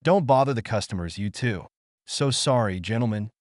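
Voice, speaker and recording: A harried chef, brisk and polite with customers, as a man reading the audiobook puts him on. The voice rides low with a lively lilt. The sound is close and dry. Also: no room sound, natural voice. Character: British chef, adult man, harried father.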